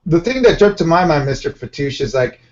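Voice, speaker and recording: A man's voice: a little high, very animated, a little fast, darkish tone. Rambling male co-host. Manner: rambling, many uh fillers. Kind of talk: casual talk show debate. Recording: lo-fi stream audio.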